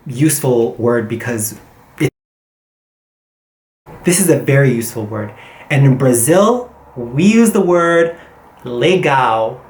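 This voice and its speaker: Chatty language teacher in a roomy space. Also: medium pitch. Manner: chatty, animated, with many fillers and self-corrections; mixes in Portuguese words and phrases. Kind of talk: casual vocabulary lesson.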